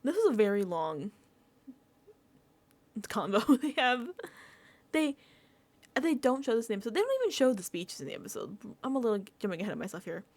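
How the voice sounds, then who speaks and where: A young woman recapping a reality show in casual reaction commentary, animated and laughing with exasperated asides. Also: a little high, a little fast, pauses often.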